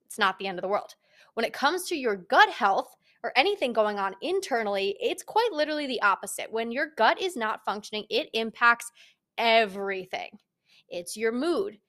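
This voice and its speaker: Blunt, profane young woman podcaster. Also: on the high side. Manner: blunt, frank and profane, animated. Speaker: podcast host. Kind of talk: casual solo podcast Q&A.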